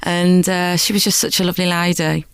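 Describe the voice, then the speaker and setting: A woman, an actress and singer chatting as a radio guest, bubbly and quick to laugh as she tells stories. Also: lowish voice, smooth, dry recording. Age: 30s. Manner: bubbly, laughing, animated storyteller. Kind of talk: chatty interview.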